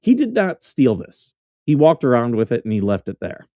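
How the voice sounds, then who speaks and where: A man's voice: medium pitch, big pitch swings, normal speed, mellow, no room sound. A man hosting a casual news commentary show, blunt and mocking, swearing freely as he reacts to clips. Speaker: host.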